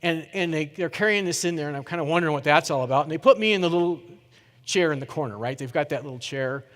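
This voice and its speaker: A middle-aged man giving a keynote talk, telling a story in a lively way and putting questions to the audience. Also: fairly high pitch, quick pace. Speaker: keynote speaker. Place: conference hall. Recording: reverberant conference hall.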